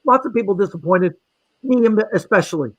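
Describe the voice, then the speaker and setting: A middle-aged man, a magician guest on a podcast, telling a travel story in a lively way and acting out the people in it. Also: sits high, a little fast, slightly rough, muffled recording. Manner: lively anecdotal telling with acted-out quotes. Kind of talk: animated storytelling.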